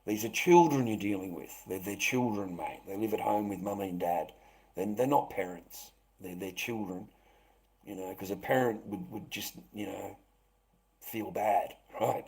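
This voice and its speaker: A man's voice: lowish voice, unhurried, darkish tone, low-quality recording. Swearing man ranting on stream. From Australia. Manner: swearing, repetitive, stammering restarts. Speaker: livestreamer. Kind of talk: rambling livestream monologue.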